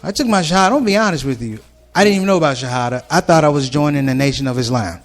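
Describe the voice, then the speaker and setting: A man's voice: on the high side, very fast. A man telling stand-up stories to a live ballroom audience in a casual, conversational way, jumping in and out of voices. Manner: conversational, animated, jumps between voices. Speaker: stand-up comedian.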